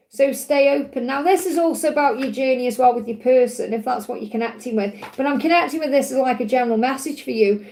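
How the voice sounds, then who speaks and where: Woman, live-stream card reader, high voice, gentle and reassuring, repetitive phrasing. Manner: soothing, reassuring, repeats key phrases. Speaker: tarot reader hosting a live Q&A.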